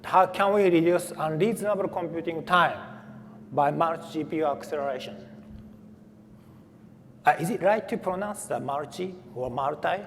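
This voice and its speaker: A man giving a technical conference talk, speaking haltingly with frequent fillers and restarts. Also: on the high side. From Japan. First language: Japanese. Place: conference hall. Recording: faint hall reverb, light room noise.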